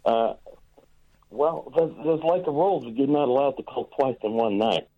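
Caller in put-on American accent. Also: male voice, mid-range voice, moderate pace. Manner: earnest, plodding, deadpan. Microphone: telephone. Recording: tinny phone line.

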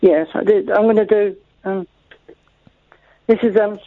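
A man's voice: high-pitched, steady tone, a little slow, gravelly, no echo. A man from Maidstone calling in to a radio show, chatting in a rambling, hesitant way with little giggles. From Maidstone, England. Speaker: caller. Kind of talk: phone-in chat. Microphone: phone. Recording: dull phone line.

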